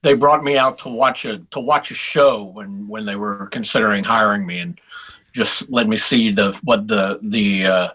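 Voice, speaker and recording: A middle-aged man from Texas chats easily as a guest musician, circling back and restarting his sentences as the stories come. His voice has a bright, forward ring. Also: on the low side, normal speed, husky, low-quality recording. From Houston, Texas. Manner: relaxed storyteller with frequent restarts. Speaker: guest saxophonist. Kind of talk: casual interview chat.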